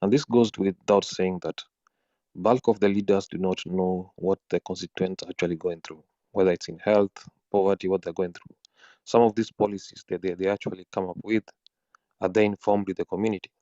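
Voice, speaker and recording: A man speaks in a very low, flat, husky voice, earnest and halting, repeating words as he restarts his sentences. The audio is dull and dry, as from an online audio room. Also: no room sound. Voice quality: husky from just waking. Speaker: guest speaker. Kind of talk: spontaneous audio-room talk.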